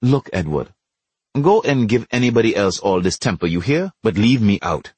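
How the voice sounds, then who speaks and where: A blunt, commanding Trinidadian street elder from a storybook, quick to scold, voiced by a man. The voice is low and husky. It sits close and dry. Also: expressive, darkish tone, dry recording. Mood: soothing.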